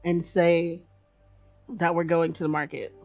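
A woman's voice: on the low side, flat delivery, a little slow, a little mellow, soft background music. Bossy, teasing woman player. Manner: bossy, teasing, laughs often. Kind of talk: tabletop game play.

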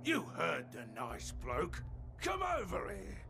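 A man voicing a disguised fixer who puts on a bossy English gentleman act in a video game, with a put-on English accent. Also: sits high, wildly swooping pitch, slow pace, pitched above the performer's own voice, exaggerated voice. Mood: gruff. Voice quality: gravelly, bossy, barking orders. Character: disguised male fighter-fixer posing as a gruff English gent.

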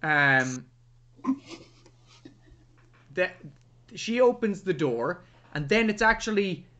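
A man chats through a film review as co-host of a podcast. His voice sits a little high and sounds bright and forward, and he leans into animated, playful banter. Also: slow pace, highs cut off. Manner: animated, acts out lines in mock voices, sweary banter. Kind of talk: casual film review chat.

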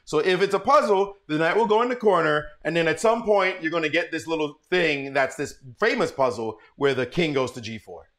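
A man's voice: fairly high pitch, a little fast, few pauses. A man giving a live-streamed chess lesson, telling stories and calling out to his viewers. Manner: animated, storytelling, calls to viewers. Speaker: chess teacher.

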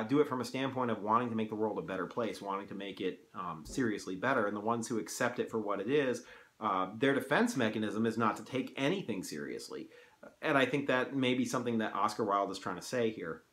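A man's voice: lowish voice, a bit bright. A man reading a novel aloud and breaking off to analyze it in a loose, conversational way. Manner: conversational, many fillers and restarts. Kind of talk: casual literary analysis. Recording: roomy echo.

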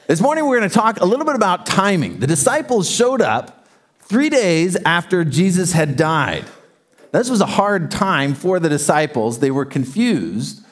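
Male pastor, a touch high-voiced, animated sermon delivery in a church auditorium, engages the congregation directly. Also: normal speed. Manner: animated storytelling, calls out to the congregation.

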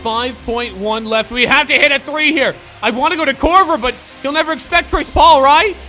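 Young man, video game commentary, very high voice, excitable, swearing, faint music behind. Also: normal speed. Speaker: gaming YouTuber. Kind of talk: live gameplay commentary.

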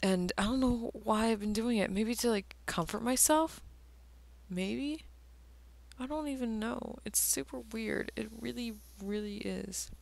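A woman with a fairly high voice and vocal fry speaks at a measured pace. She's an artist vlogger drawing on camera while drunk, casually rambling, slurring, cursing regularly and letting her words dissolve into murmurs.

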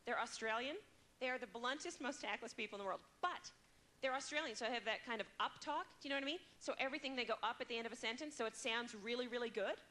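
A woman comedian doing a stand-up set on a club stage, chatty and self-mocking with quick asides to the crowd. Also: a little high, pushed and bright.

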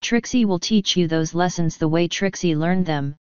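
A woman's voice: lowish voice, normal speed, a little mellow, clean tone, no room sound, lightly acted. A woman voicing a boastful female unicorn showmare who speaks of herself in the third person, in a storybook reading. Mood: haughty. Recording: dull lo-fi dry recording.

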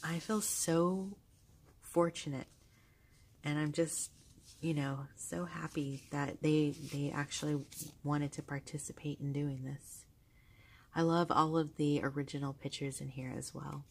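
A woman vlogger chatting casually as she shows a journal, gushing and soft-spoken, with fillers and small laughs. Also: low voice, fairly even intonation, a little slow, vocal fry. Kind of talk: casual chat. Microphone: handheld camera held close.

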